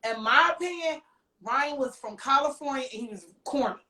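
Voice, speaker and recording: A woman's voice: high voice, normal speed, far from the mic. A woman, a podcast guest, telling a story casually and acting out quoted dialogue. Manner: animated, acts out quoted dialogue. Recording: echoey room, voice from off-mic.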